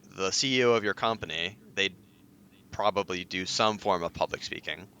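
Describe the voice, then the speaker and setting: A man's voice: low voice, normal speed, sharp tone, slight background noise. A young man, a podcast guest, explaining things eagerly in casual chat with lots of filler words. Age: young adult.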